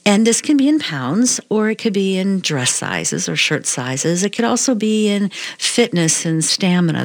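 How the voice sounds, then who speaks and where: A woman's voice: mid-range voice, very animated, a little slow, hardly any pauses, no room sound. A middle-aged woman hosting a health talk show as a hypnotherapist, upbeat and coaching as she explains things step by step. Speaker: radio show host, hypnotherapist.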